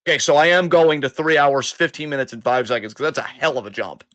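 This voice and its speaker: A man co-hosting a live wrestling reaction show, talking in a loose, animated, profane way and rambling through his thoughts. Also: mid-range voice, fast talker. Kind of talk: casual live commentary chat.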